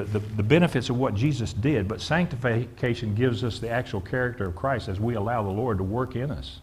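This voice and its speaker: Medium in pitch and husky, a pastor's voice fills the church sanctuary as he delivers his sermon. He prompts his congregation to respond and keeps repeating words while building up each point.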